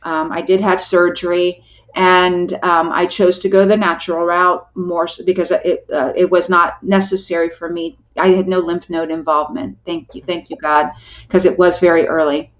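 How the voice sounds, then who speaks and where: A woman's voice: on the low side, flat delivery, moderate pace. Middle-aged woman on a podcast telling her story, heartfelt, lots of restarts, kinda muffled lo-fi sound. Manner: earnest and heartfelt, with frequent restarts. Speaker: podcast guest. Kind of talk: personal storytelling in a podcast interview.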